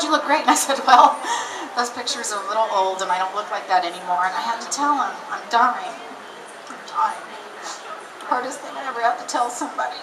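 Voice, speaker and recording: Distant woman giving an animated rally speech. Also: on the high side, background noise. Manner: animated storyteller, acts out quoted dialogue. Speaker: rally speaker. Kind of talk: personal story speech at an outdoor rally. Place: outdoor rally. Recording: roomy distant camera audio with loud ambience.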